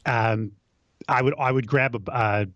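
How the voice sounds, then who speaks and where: A man's voice: medium pitch, steady tone, unhurried, fairly bright tone, dry recording, dull audio. A middle-aged man, a wedding DJ, telling stories in casual podcast chat, often restarting his sentences. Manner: chatty, storytelling, self-interrupting.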